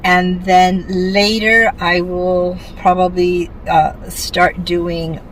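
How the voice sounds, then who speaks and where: A woman talks to her viewers from the car in an unhurried, rambling way, full of little fillers and restarts. Her voice sits a little on the low side and stays relaxed as she chats. A faint hum of the road sits behind her. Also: low-quality recording. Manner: slow, rambling and chatty, with many fillers. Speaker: mom vlogger. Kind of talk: casual vlog chat. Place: inside a car while driving.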